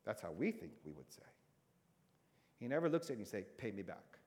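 A man's voice: on the low side, sing-song, fairly quick. Conversational man preaching in a hall. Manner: conversational, with swings between emphatic and hushed. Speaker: pastor. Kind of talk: sermon. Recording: long reverb in a big hall.

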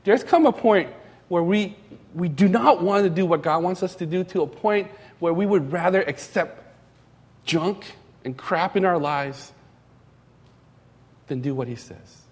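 A young adult man giving a sermon as a pastor, conversational and animated, with casual asides and repeated phrases. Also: sits high, a little slow, long pauses, breathy edge. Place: church sanctuary. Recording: reverberant church hall.

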